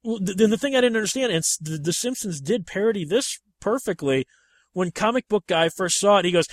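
A man hosting a casual movie chat, talking in an animated, emphatic way. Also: brisk, dry recording. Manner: animated and emphatic, with sharp rises in pitch when making a point.

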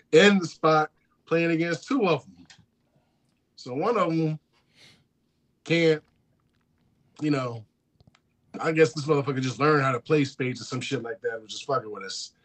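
A man co-hosting a podcast, telling a card-game story in casual, profane chat and laughing as he goes. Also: fairly high pitch. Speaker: podcast co-host.

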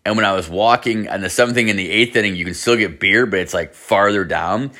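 Male podcast host with a low voice, telling a rambling, profane story in casual chat. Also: fast, pushed and bright. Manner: rambling, heavy swearing, lots of fillers.

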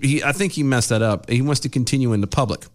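A man's voice: medium pitch, fast talker. A man co-hosting a casual talk show, reading out news items and making sarcastic jokes about them. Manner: sarcastic, joking, reads news quotes aloud. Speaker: podcast co-host.

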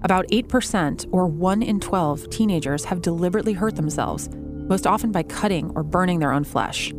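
A woman narrates a documentary in a lowish voice, measured and informative. Clear background music runs under her scripted lines.

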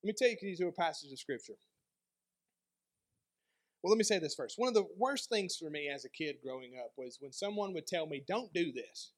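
Guy pastor w a pretty high voice, chatty sermon storytelling style. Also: a little fast. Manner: conversational storytelling with lively dynamic swings.

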